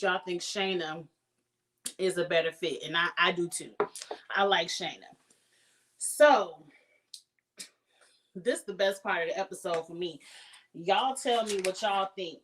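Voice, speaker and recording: A woman's voice: on the low side, fairly bright tone, low-quality recording. A woman giving a casual, playful recap of a reality TV episode, acting out the cast's lines in sassy voices. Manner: chatty, playful, acts out quotes in sassy voices. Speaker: show reviewer.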